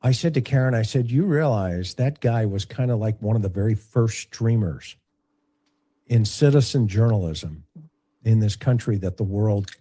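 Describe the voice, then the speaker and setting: A man giving opinionated commentary on a livestream, deliberate, with rhetorical questions. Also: lowish voice, mellow.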